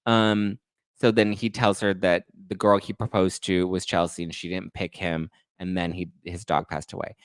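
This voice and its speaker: A low-voiced man dishing reality TV gossip in a sassy, sarcastic way. He reads text messages aloud and cuts in with catty remarks. The recording is dry and close, with no room sound. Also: level tone, moderate pace, no room sound. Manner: sassy, sarcastic asides while reading texts aloud. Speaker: pop culture podcast host.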